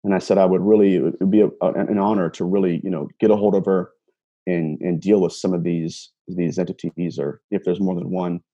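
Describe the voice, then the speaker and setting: A man who calls himself an empath tells a personal story earnestly and casually, recounting a conversation line by line with many repeated words and restarts. His low voice is delivered flatly and fairly quickly, dark in tone with a breathy edge, and the highs are cut off.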